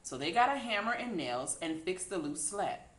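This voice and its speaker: A woman reading a children's picture book aloud in an unhurried, expressive way. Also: lowish voice. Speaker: storybook reader. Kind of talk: children's read-aloud narration. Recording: echoey room.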